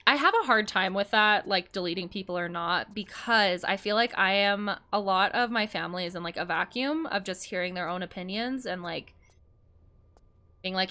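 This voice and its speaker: Fired-up young woman ranting, bright voice. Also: mid-range voice, animated. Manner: heated, swearing, quick to anger. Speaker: streamer. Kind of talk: casual ranting chat while gaming.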